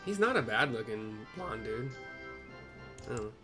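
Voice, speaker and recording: A man reading a game's story aloud for visually impaired viewers, with wry asides and a voice going hoarse. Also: mid-range voice, sing-song, moderate pace, over music. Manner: reads character lines in put-on voices, wry asides. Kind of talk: casual game playthrough with read-aloud dialogue.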